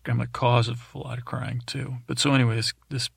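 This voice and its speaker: A man hosting a podcast, rambling through an improvised bedtime story in a halting way, with many fillers and restarts. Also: medium pitch, little pitch movement, creaky, husky, no room sound, studio quality. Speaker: podcast host.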